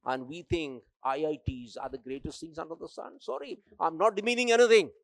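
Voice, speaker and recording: A man's voice: fairly high pitch, big pitch swings, fairly quick, vocal fry, dry recording. An older man from India with an Indian accent, giving an emphatic, exhorting motivational keynote speech that addresses the crowd directly. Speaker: keynote speaker.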